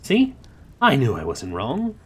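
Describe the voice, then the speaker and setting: A man's voice: mid-range voice, wildly swooping pitch, slow, a little hiss or hum, voice pushed up. A man voicing a sly, cynical male demon who talks in a snappy, sarcastic way.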